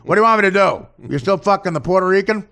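A man doing an impression of a crude, boastful older baseball coach who talks loudly and rambles. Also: sits high, lively intonation, quick pace, vocal fry, pitched above the performer's own voice, full character voice. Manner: loud, rambling, gossipy.

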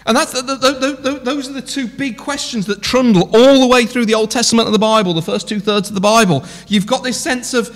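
A man's voice: extremely high pitch, fairly quick, few pauses. A man preaching an impassioned sermon in a church, full of rhetorical questions. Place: church hall. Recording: long church hall reverb.

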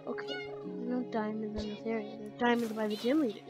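Woman, high voice, chatty gameplay commentary, faint music behind. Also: huge pitch swings, fast, rough recording. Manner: chatty, talks to her game characters. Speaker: gamer. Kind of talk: let's play commentary.

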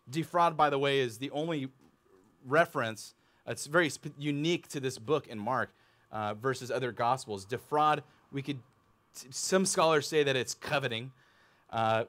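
A man in his thirties preaching a sermon in a church, animated and conversational, often asking the congregation questions. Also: medium pitch. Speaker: pastor.

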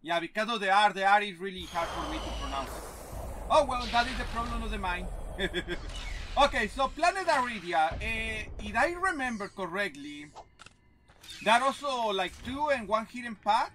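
A man's voice: sits high, sing-song, normal speed, background noise. A man whose first language is Spanish, hosting a gaming channel with a Spanish accent and chatty, self-deprecating commentary. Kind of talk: casual gameplay commentary.

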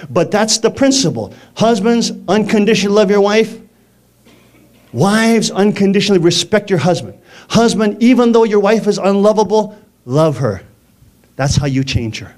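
A man preaching a lively sermon in a conversational way, often laughing and asking the congregation questions. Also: high voice.

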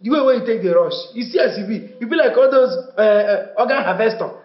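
An actor with a Nigerian Pidgin accent playing a nosy hotel attendant who teases and lectures. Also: male voice, sits high, fast, close to an everyday voice. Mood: teasing. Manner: teasing, lecturing. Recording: echoey, dull lo-fi film audio.

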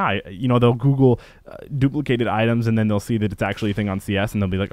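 A gaming YouTuber ranting in casual commentary, animated, laughing often and swearing while acting out what others say. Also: male voice, lowish voice, quick pace, no room sound.

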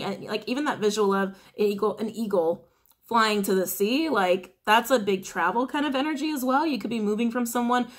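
A woman's voice: on the high side, a bit bright. A woman giving a casual tarot reading to her viewers, chatty and rambling with many fillers. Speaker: tarot reader.

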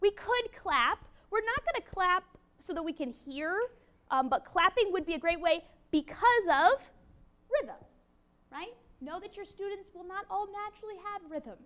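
High-voiced woman lecturing a class. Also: measured pace. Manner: lively, encouraging, playful teacher talk. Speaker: university lecturer. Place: college classroom.

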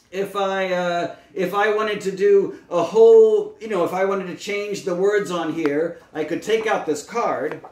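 Man explaining patiently in a roomy space. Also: high-pitched. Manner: patient step-by-step explaining with fillers. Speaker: speech-language pathologist. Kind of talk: instructional demonstration. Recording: roomy, mic at a distance.

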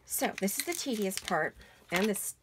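A middle-aged woman, hoarse today, chatting casually and rambling as she hosts a craft session in her home studio. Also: medium pitch, animated, normal speed, background noise. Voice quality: gravelly, froggy voice today. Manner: chatty, rambling, talks while working with hands. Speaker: crafting channel host. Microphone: camera mic while sitting back from a craft table.

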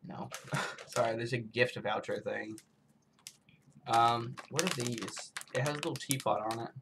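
A man's voice: medium pitch, steady tone, a little slow, gravelly, background noise. A man from the United States rambling through a casual snack taste-test vlog, full of self-mocking asides. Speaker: vlogger.

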